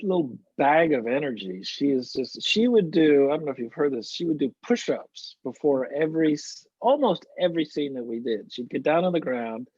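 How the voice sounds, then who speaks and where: A man, an actor guest, telling stories in a relaxed interview with lots of restarts. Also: a little high, moderate pace, hardly any pauses, slightly rough, no room sound. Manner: anecdotal, warm storytelling with frequent restarts. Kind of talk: casual interview chat. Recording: muffled, dry lo-fi audio.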